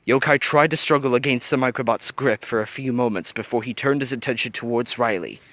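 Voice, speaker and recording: A man reading a fan fiction story aloud with animated storytelling. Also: medium pitch, brisk, no room sound. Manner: animated storytelling, varied voices. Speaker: reader.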